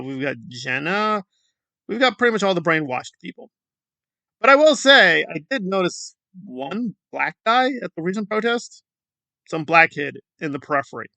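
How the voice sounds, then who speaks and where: A man's voice: a little high, vocal fry, pushed and bright, no echo. A man hosting a sarcastic online commentary, scoffing and rambling through asides. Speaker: commentary channel host.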